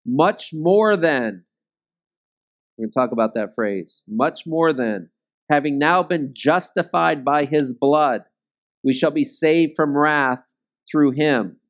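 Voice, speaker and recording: A man's voice: on the high side, unhurried. A man leading a Bible study, teaching in a conversational way and often checking in with his listeners.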